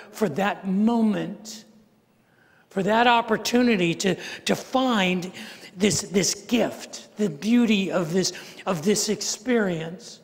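Older male pastor, conversational storyteller, higher voice, long hall reverb. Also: slow pace, creaky. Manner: conversational, self-deprecating, frequent restarts. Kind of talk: storytelling sermon. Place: large church sanctuary.

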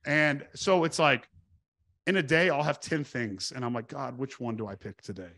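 This middle-aged Texan man is a podcast guest telling casual stories, swearing freely, restarting his sentences and acting out the people he quotes. His voice is mid-range and his pace moderate, with no room sound.

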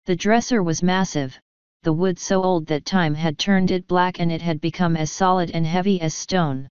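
A woman reads an audiobook aloud in a steady, lightly wry storytelling manner. Her voice is low and very clear. The recording is close and dry, with slightly dull highs. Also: moderate pace, no room sound. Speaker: audiobook narrator. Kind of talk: audiobook narration.

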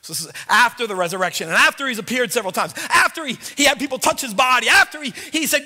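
Animated preacher in a reverberant church. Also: male voice, very high-pitched, fast talker, hardly any pauses. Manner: animated, conversational storytelling with jokes. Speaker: pastor. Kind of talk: sermon. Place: church sanctuary.

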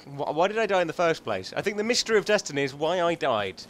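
A man's voice: on the high side, big pitch swings, fast, a bit bright, a little hiss or hum. A man hosting a gaming channel, chatting and joking casually as he thinks aloud through gameplay commentary.

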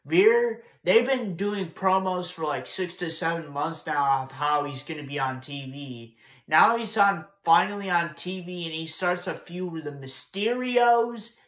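This young man's voice sits fairly high, bright and lively in intonation, though his pace stays measured. He's recapping wrestling news in a casual, frustrated rant, swearing and repeating himself, and the room echoes around him.

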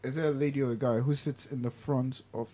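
A man hosting a casual podcast chat, reacting with short interjections and quick questions. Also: mid-range voice, steady tone, warm tone. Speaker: podcast host.

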